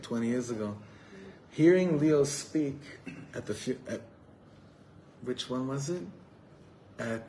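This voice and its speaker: In a rough recording with slight background noise, a man from Los Angeles, USA talks in a medium-pitched, somewhat mellow voice. He's a rabbi offering a sincere, heartfelt talk at an evening gathering, weaving in Hebrew words and repeating himself while searching for the right ones.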